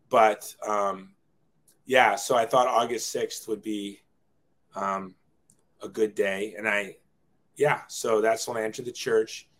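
Animated storytelling man in conversation. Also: on the low side, a little slow. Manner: animated, self-deprecating, acts out quoted dialogue. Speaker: guest.

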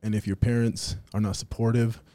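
A man's voice: fairly low pitch, flat delivery, fairly quick, warm tone, dry recording. A man in his thirties chatting casually on a podcast, laid-back and filling his talk with "dude" and "you know what I mean.".

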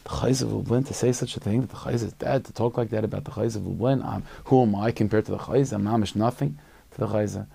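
A man voicing a shaken, humble elderly rabbi over 60, speaking with hushed earnestness. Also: lowish voice, fast talker, creaky, breathy edge, full character voice.

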